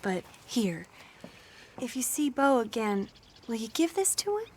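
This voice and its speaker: A woman's voice: a little high, sing-song, measured pace. An actress playing a spirited, defiant young woman activist in a video game cutscene, genteel and resolute. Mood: bitter. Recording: crowd noise behind.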